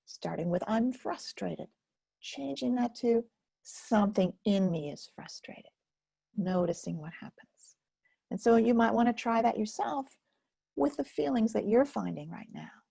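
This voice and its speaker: Slow, gentle woman with a gravelly voice. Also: a little high, lively intonation, no echo. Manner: gentle and unhurried, often dropping to soft near-whispers. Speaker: webinar host and self-care teacher. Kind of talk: live webinar teaching, reading chat.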